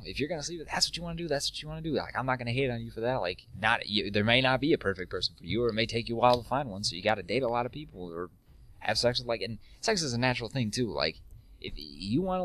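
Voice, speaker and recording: A man's voice: mid-range voice, big pitch swings, quick pace, fairly bright tone. A man co-hosting a casual podcast chat, rambling and self-deprecating, laughing often. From United States. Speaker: podcast co-host.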